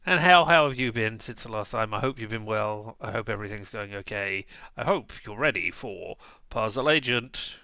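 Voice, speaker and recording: A man's voice: lowish voice, expressive, normal speed, hardly any pauses, bright, forceful tone, smooth, no echo. A man streaming a game, chatting casually in a rambling, jokey way full of digressions. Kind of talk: casual let's-play chat.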